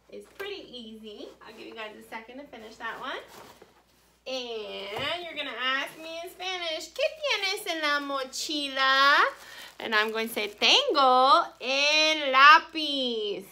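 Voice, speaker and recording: A woman teaching a Spanish class to children on video, saying each word slowly and carefully and cheering the class on. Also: sits high, vocal fry, pushed and bright. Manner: slow, careful modeling of Spanish words; cheerful, encouraging teacher talk. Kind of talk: recorded online class for children.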